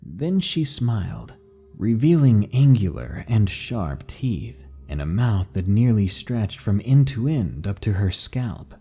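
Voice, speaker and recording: A man narrating scary stories in a measured, dramatic reading style. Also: fairly low pitch, big pitch swings, dark tone, husky. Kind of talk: scripted horror narration.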